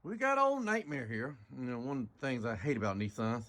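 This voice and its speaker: A man's voice: medium pitch, huge pitch swings, brisk, a bit bright. Profane, sarcastic DIY car mechanic man. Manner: profane, sarcastic, laid-back. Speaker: DIY car repair vlogger. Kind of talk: casual how-to narration. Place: garage or driveway, working on a car.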